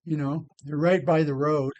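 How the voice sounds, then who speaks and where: A man's voice: a little high, steady tone, normal speed, darkish tone, dry recording. An older man rambling casually over photos of an old hike, blunt, with many repeated words. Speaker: vlogger.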